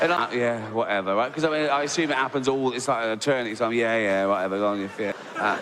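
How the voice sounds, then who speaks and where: A middle-aged English man doing an animated stand-up routine, acting out voices and checking in with "right?" asides. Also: a little high, fairly quick. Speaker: stand-up comedian. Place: large venue with audience. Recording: live stage recording with hall reverb and audience noise.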